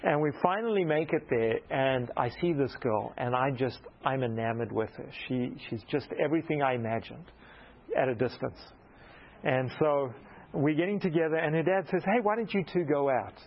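A man preaching a storytelling sermon, animated and self-mocking, acting out the dialogue in his story. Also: mid-range voice, moderate pace, dull audio.

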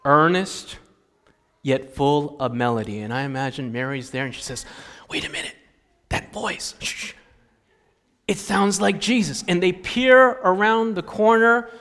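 A man's voice: high voice, a bit bright, big-room sound. A man preaching a sermon as a pastor, telling a story with animation and acting out the voices of frustrated parents.

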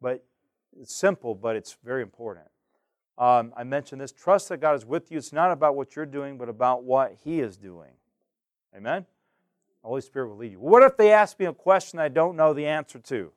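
A man teaching a class on giving Bible studies, lively and acting out examples while asking the class questions. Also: medium pitch, brisk, no room sound, studio quality. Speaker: Bible study instructor.

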